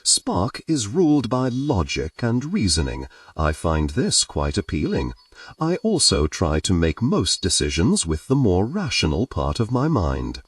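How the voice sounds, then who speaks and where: A man's voice: on the low side, huge pitch swings, measured pace, far from the mic, voice pushed up. A man voicing an earnest male alien boyfriend who speaks in formal, precise phrases without contractions.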